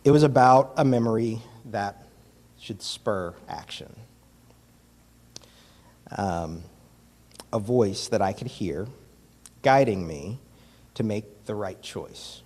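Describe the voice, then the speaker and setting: A man giving a reflective communion talk and prayer in a church, pausing often and using fillers. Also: on the low side, animated, darkish tone. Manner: reflective, with many pauses and fillers. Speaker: communion meditation leader. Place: church sanctuary. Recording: long hall reverb from a distance.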